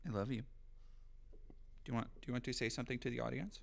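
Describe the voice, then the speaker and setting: A fast-talking man with a gravelly, medium-pitched voice streams casually. He riffs animatedly, swears jokingly, and reads text aloud with mock drama in his livestream commentary.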